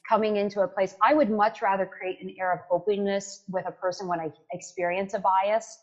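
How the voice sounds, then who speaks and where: A woman's voice: medium pitch, brisk, dull audio. A woman in her forties from Canada, a tech executive talking energetically in a casual interview as a guest and often asking "right?". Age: 40s. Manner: energetic, lively, frequent "like" and "right?".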